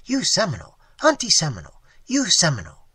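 A man's voice: high-pitched, huge pitch swings, fast, pushed and bright, breathy edge, no echo, heavily acted. A reader doing a clipped, emphatic fisherman. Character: terse excited old-time fisherman, broken English.

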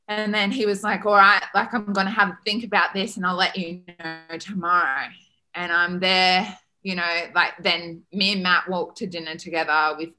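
An Australian woman in her twenties, a podcast guest telling a story in a casual, animated way, full of "like" and acted-out dialogue. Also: fairly low pitch. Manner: animated, peppered with "like", acts out quoted dialogue.

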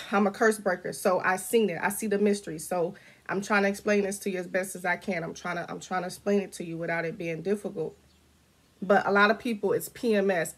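A woman's voice: medium pitch, a bit bright. A woman ministering prophetically straight to camera, talking casually and then rising into fervent declarations and prayer, often repeating her words. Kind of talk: informal prophetic preaching to camera.

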